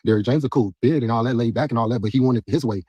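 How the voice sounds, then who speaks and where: Husky man venting at rapid speed. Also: mid-range voice, dark tone, no echo, muffled recording. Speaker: boxer. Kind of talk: interview clip.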